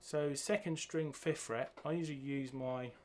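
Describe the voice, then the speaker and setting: A man teaching a bass guitar piece, counting beats and singing the rhythms aloud as he goes. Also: fairly even intonation, moderate pace, darkish tone. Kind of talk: music lesson walkthrough. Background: bass guitar playing.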